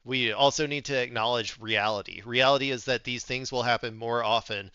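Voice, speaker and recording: A man streaming and reacting to news clips with blunt, sarcastic, profane commentary, often breaking into loud laughter. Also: medium pitch, steady tone, brisk, smooth, no echo, dull audio.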